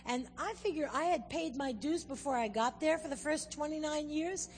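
Animated American missionary woman addressing a congregation; higher voice with a long hall echo. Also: moderate pace. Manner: animated, joking, addresses the audience directly. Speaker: missionary speaking at a church. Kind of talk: humorous church talk with a language lesson. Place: church hall. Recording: reverberant hall with faint music.

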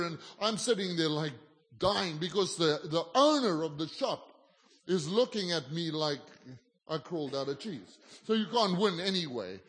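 A man from South Africa with a fairly high voice delivers a sermon. He tells a story with self-deprecating humor and acts out each voice in the dialogue. The sound carries a long hall reverb. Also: animated, moderate pace, a bit bright. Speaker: pastor.

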